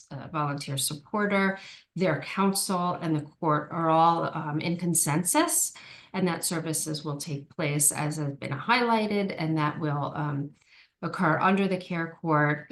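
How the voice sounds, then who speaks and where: A woman giving an online training presentation, explaining steps carefully with frequent ums and small restarts. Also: low voice. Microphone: video call.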